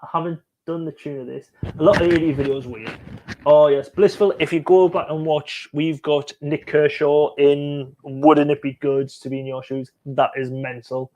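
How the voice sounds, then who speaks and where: A man's voice: on the high side, steady tone, normal speed, a little mellow. A man hosting a casual live stream, joking and chatting as he reacts to music videos and reads out viewer comments.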